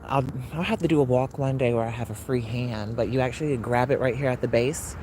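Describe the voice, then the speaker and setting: A woman's voice: extremely low pitch, a little fast, rough recording. Woman chatting on a phone walk. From Mississippi. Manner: chatty, coaxing the dogs between remarks to viewers. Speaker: livestreamer. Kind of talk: casual live-stream chat. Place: outdoors on a city walk. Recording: phone audio with loud outdoor noise. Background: loud outdoor noise.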